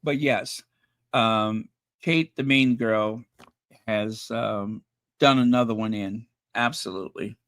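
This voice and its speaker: A man with a lowish, fairly bright voice speaks slowly while hosting a YouTube royal news live stream. After reading news stories and viewer comments, he chats sarcastically, filling in with fillers and self-corrections.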